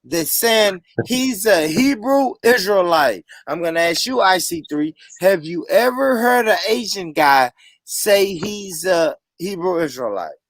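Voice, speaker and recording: A man hosts a heated, casual debate, pressing his guests and repeating his points. His voice sits high and gravelly and leaps around in pitch. The sound is dry and close. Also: animated, a little slow, no echo. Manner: emphatic, repetitive, interrupting, profane. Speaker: podcast host.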